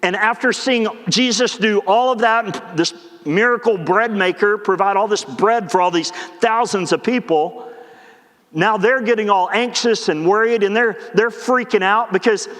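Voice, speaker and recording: High-voiced pastor preaching in a reverberant church. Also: male voice, fairly bright tone. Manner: conversational preaching, acts out the disciples in quick asides. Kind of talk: sermon. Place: church sanctuary. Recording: long church hall reverb.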